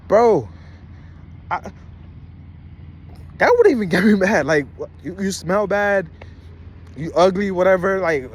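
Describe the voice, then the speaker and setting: Outdoors at a rest stop, a vlogger in his twenties rambles through a slangy, incredulous commentary rant. His voice is on the high side, with slight background noise.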